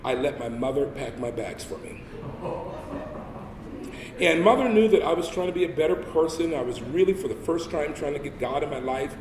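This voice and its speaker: Animated man telling a story in a hall. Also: on the high side, normal speed, distant mic, crowd noise. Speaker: guest speaker. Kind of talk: storytelling sermon. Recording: echoey hall with faint ambience.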